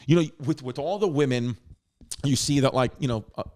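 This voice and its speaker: A man in his thirties hosting a podcast, telling a story in a rambling, animated way with frequent restarts and swearing. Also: medium pitch, brisk. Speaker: podcast host. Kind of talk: casual storytelling.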